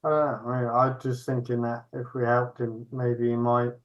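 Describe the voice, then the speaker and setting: A man's voice: medium pitch, level tone, normal speed, lo-fi sound. A man playing a tabletop game, thinking aloud and a bit hesitant. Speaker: player. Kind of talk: casual tabletop play.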